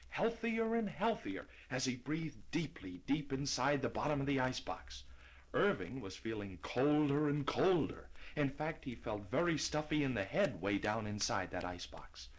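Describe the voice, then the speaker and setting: Man, storybook narration, animated delivery, husky voice. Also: medium pitch, poor audio. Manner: lively, expressive reading.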